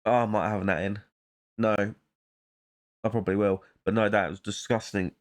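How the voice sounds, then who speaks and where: His voice is on the low side and steady, at a moderate pace, as he vlogs in a loose, rambling monologue. He mutters to himself and keeps breaking off mid-thought.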